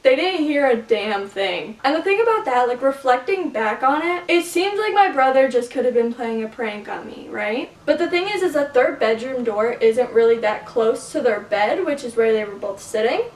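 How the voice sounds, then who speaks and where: A woman's voice: on the high side, animated, moderate pace, hardly any pauses. A woman vlogging from her bedroom, telling stories in a chatty, profane way and saying "like" constantly. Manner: chatty, profane, filler-heavy, says "like" constantly. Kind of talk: casual storytelling to camera. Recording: echoey room, mic at a distance, faint hiss.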